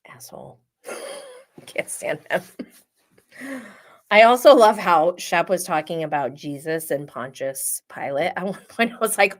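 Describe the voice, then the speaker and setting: A woman hosting a casual reality TV recap, gossipy and animated, often laughing. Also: lowish voice, a little slow, pauses often. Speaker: host.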